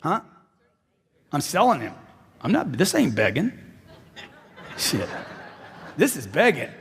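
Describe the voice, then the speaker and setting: High-pitched, animated male motivational speaker. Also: slow pace, creaky, pauses often, slight background noise. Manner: animated, repeats lines for emphasis and acts out dialogues. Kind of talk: motivational stage speech. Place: large hall with live audience. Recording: long hall reverb from a stage.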